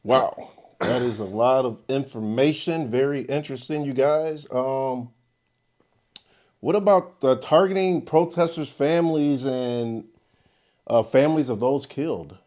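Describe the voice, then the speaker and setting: A man's voice: mid-range voice, a little slow, a little mellow. A man hosting an interview, inquisitive as he asks his guests questions. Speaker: host.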